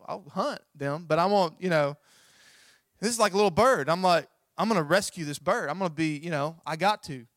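A man preaching a sermon, telling a personal story in an animated, self-mocking way. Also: a little high, dry recording, studio quality. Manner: animated storytelling, acts out his own reactions. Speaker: pastor.

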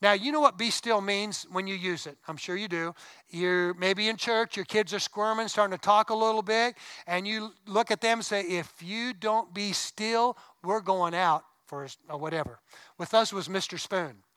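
A man's voice: high-pitched, normal speed, bright, forceful tone, clean tone, no room sound, rough recording. A middle-aged man preaching a sermon as pastor, conversational, with asides and rising emphasis. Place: church sanctuary.

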